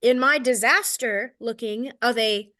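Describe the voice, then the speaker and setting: A woman's voice: fairly high pitch, measured pace, pushed and bright. A woman in her thirties with a Southern American accent, giving a casual, candid sales training talk, self-deprecating and checking in with "okay?" often. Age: 30s.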